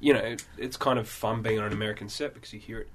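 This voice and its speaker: A young man with an Australian accent talks in a relaxed, rambling way, often restarting mid-sentence. He sounds like a guest actor in casual chat, unhurried and easygoing. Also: fairly low pitch, slight background noise.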